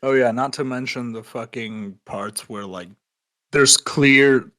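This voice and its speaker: Swearing podcast guy, bright punchy voice, jokey banter. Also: medium pitch, takes it slowly. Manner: crude, swears often, laughing banter. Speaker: podcast co-host. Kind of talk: casual chat.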